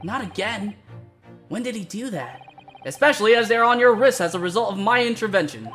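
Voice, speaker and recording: A streamer voicing a pompous, eccentric English gentleman detective with a florid, theatrical delivery. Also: medium pitch, lively intonation, fairly quick, soft background music, voice pushed up, natural voice. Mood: smug.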